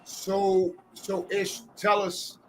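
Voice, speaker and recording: Casting: middle-aged man, high voice, animated storytelling host, salty language. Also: extremely slow, slight background noise. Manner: animated storyteller, acts out quotes with profanity. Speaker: podcast host. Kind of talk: casual storytelling chat.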